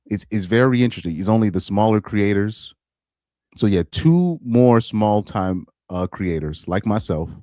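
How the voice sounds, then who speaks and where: A man's voice: sits low, a little mellow, no room sound, studio quality. A man casually commenting on a live stream, rambling and repeating himself. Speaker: live streamer reacting to videos.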